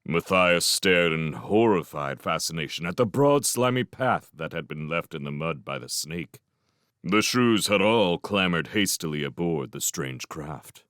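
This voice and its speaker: A man narrating a storybook with an expressive, lively delivery. His voice is fairly low and moves widely in pitch. The recording is dry and close. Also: a little slow, dry recording. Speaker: audiobook reader.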